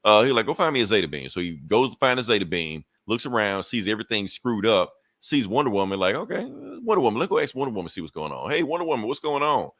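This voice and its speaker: A podcast co-host reviewing comics, this man has a fairly low, fairly bright voice and talks fast and expressively with few pauses, recorded with no room sound. His casual recap is loose and profane, and he acts out the characters' lines with laughs.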